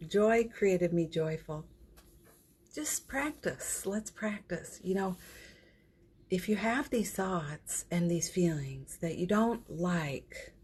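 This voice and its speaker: A middle-aged woman, an energy healer, giving a gentle and affectionate spiritual pep talk on a morning livestream, greeting viewers by name and laughing often. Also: lowish voice, animated, slow pace, husky. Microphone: phone or computer mic for a livestream.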